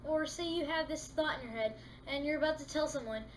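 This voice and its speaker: A woman vlogger in a casual comedic monologue, talking in an animated way and acting out little scenes with exasperated rants. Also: high voice, a little fast, a little hiss or hum, low-quality recording.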